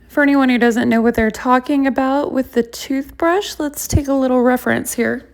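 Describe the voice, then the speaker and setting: A woman's voice: high voice, steady tone, normal speed, vocal fry. A woman, chatting casually to viewers as she comments on clips. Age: 40s. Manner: chatty, addresses viewers as y'all. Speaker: commentary host.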